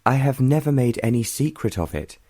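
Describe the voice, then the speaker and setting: A male audiobook reader voicing a spirited, quick-tempered young woman who answers with sharp, scornful retorts. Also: medium pitch, animated, no echo, voice pushed up, lightly acted.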